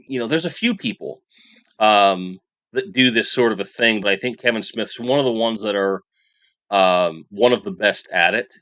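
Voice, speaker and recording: A man's voice: lowish voice, a bit bright, no echo. A man hosting a casual toy news livestream, chatting loosely and reading out viewer messages with frequent restarts. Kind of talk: casual livestream chat reading super chats.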